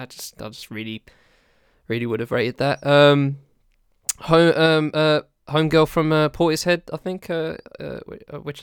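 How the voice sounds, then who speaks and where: A man chatting casually about an album, halting and searching for words, laughing often. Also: mid-range voice, clean tone, no echo, clean studio sound. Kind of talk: casual music discussion.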